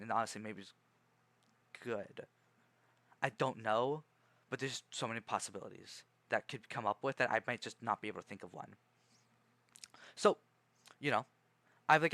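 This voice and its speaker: Young male streamer, bright edge, dry close sound; calm and rambling, full of restarts. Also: medium pitch, no room sound. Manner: rambling, hesitant, many restarts and fillers; calm, measured delivery. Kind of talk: casual livestream chat.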